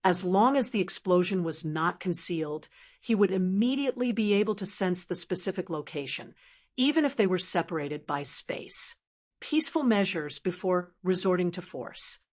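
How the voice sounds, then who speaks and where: A woman narrating a martial arts audiobook in an even, measured reading style. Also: lowish voice. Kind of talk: scripted narration.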